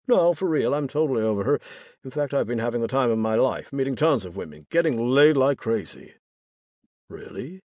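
A man's voice: mid-range voice, a little mellow, no echo, clean studio sound. A young man narrating a first-person novel in a wry, bitter way. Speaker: audiobook narrator.

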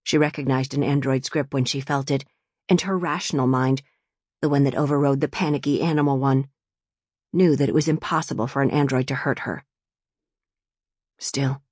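A woman narrating a science-fiction audiobook in measured, even storytelling, recorded close in a studio. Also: very deep voice, no room sound. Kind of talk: scripted narration.

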